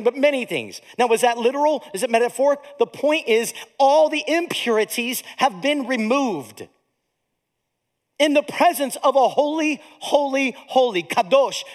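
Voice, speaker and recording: High-voiced passionate male pastor. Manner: passionate, swings from hushed to excited. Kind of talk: sermon. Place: church stage.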